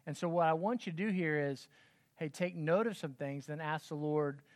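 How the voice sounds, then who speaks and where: Brief: male pastor, forties, slightly high voice, relaxed conversational sermon, dry close sound. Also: normal speed, no echo. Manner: conversational, self-deprecating storytelling with frequent "okay?" check-ins. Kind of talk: sermon to parents.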